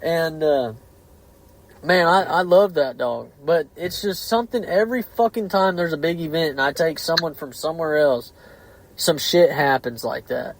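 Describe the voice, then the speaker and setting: A man's voice: fairly high pitch, normal speed, creaky, slight background noise, low-quality recording. A man, hosting a casual podcast chat, swearing heavily and speaking bluntly and heatedly.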